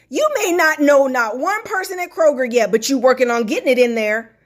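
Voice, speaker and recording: A woman's voice: sits high, a little fast, few pauses. A woman giving an emphatic, preachy motivational talk to her viewers, repeating her phrases for effect. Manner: reads viewer comments aloud. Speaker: motivational host.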